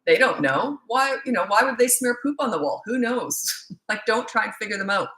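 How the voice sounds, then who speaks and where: A woman's voice: fairly high pitch, moderate pace, roomy sound, poor audio. A woman parenting coach chatting casually in a live Q&A, telling stories with lots of laughter. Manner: animated storyteller, laughs often.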